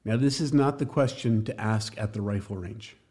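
A man's voice: lowish voice, normal speed, mellow. Jokey, emphatic male church teacher. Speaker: evangelism teacher.

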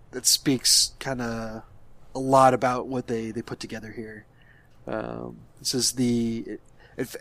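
A man giving his take in a casual movie review chat, at an ordinary middle pitch. He talks hesitantly, doubling back on words. The sound is dry, with no room echo. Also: fairly bright tone. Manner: hesitant, repeats words often. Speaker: podcast co-host.

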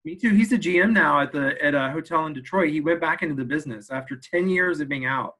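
A man in casual interview chat, an animated storyteller who laughs often and mimics voices while recalling work days. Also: a little high, quick pace, poor audio. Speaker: hotel sales leader, podcast guest.

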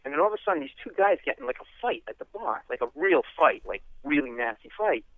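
A comedian tells a long, animated anecdote and acts out the people in it. His voice sits a little high. The sound is thin and phone-like, with no room echo. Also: quick pace. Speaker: guest comedian. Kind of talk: storytelling interview. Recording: tinny phone-like line.

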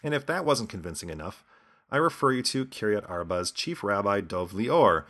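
A man's voice: fairly low pitch, sing-song, moderate pace, a bit bright. A man hosting a podcast with scripted commentary and a sardonic, lecturing manner. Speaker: podcast host.

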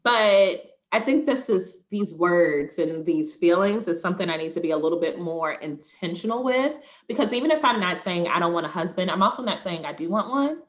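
A woman's voice: lowish voice, animated, normal speed, hardly any pauses. A woman co-hosting a podcast, talking candidly and reflectively, often laughing. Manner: reflective, laughs often, acts out quoted voices. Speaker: podcast co-host. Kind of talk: candid conversational chat.

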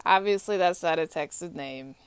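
A young adult woman talking casually in a rambling, repetitive monologue with frequent filler pauses. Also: on the low side, smooth, no room sound. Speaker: hockey fan.

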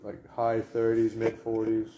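A man with a New England accent trading dry, deadpan quips in a casual vlog chat. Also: on the low side, unhurried. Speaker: vlogger's partner. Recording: echoey room with faint noise.

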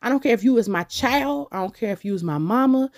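A woman hosting a podcast, telling a personal story in a casual, animated way and talking straight to her listeners. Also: fairly high pitch, fast talker. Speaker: podcast host.

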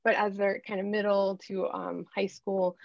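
A woman's voice: medium pitch, level tone, moderate pace, vocal fry, no room sound, dull audio. A woman in her thirties, a life coach, telling her story candidly and with animation in a podcast interview.

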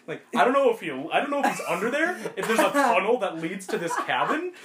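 Brief: young male co-host, slightly high voice, swearing storyteller, roomy echo. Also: quick pace, crowd noise. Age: young adult. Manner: profane, animated storytelling. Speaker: podcast co-host. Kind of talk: casual chat, storytelling.

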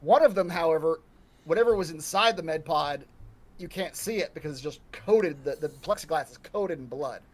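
Halting, higher-voiced male game master. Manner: halting, restarts mid-sentence, many ums. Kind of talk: narrating a tabletop game.

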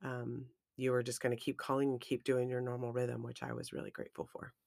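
A woman co-hosting a podcast, talking in a casual, emotional and expressive way about a friendship. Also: extremely low pitch, fairly quick, vocal fry, dry recording, studio quality. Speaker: podcast co-host. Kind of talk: casual chat.

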